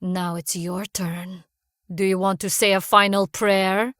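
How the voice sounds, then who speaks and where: A woman's voice: medium pitch, measured pace, dry recording, studio quality, natural voice. A woman doing a sneering young bully. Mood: menacing. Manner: sneering, threatening. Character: young male Russian bully, hostile and leering.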